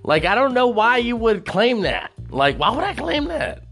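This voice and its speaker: A man's voice: very high voice, very animated, moderate pace, gravelly, a bit bright, faint music behind. A man hosting a podcast alone, rambling and swearing a lot, laughing at his own jokes. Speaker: podcast host. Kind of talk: casual solo podcast rant.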